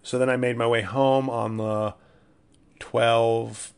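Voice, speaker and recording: A man's voice: medium pitch, level tone, slow pace, creaky, clean tone. A man hosting a casual solo podcast, rambling and self-deprecating with many restarts. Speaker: podcast host.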